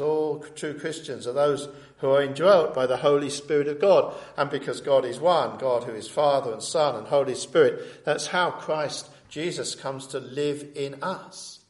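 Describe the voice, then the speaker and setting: A man preaching a sermon, earnest and emphatic, asking rhetorical questions and quoting scripture. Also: on the high side. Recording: roomy echo.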